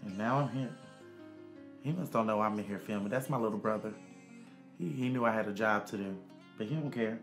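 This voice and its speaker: A man's voice: lowish voice, a little fast, pauses often, fairly bright tone, faint music behind. A man, a makeup artist giving a sassy, chatty casual makeup tutorial. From Arkansas, USA. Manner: sassy and chatty, calls viewers honey and child.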